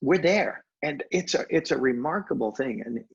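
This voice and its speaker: An older man telling stories as a podcast guest, animated with expressive jumps in pitch. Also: moderate pace, creaky, breathy edge, muffled recording. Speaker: guest, hypnosis trainer. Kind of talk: storytelling in conversation.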